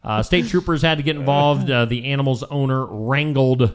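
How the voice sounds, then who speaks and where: A man hosting a live morning show, reading offbeat news stories in a casual, wry way. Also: medium pitch. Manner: wry, playful, with quick put-on accents.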